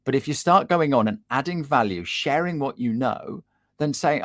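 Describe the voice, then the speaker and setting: Lively man on a video call. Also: mid-range voice, normal speed. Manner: lively, animated, acts out little dialogues. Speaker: LinkedIn coach, guest. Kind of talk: casual video-call chat. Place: home room with guitars on the wall.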